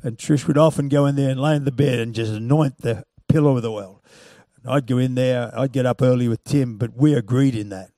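A man preaching a sermon, moving from loud, punchy calls to quiet, chuckling storytelling. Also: mid-range voice, a little fast, no room sound, studio quality.

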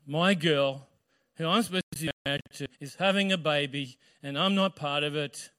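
A man doing honorable Joseph, calm and firm. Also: on the high side, normal speed, voice pushed down. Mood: resolute.

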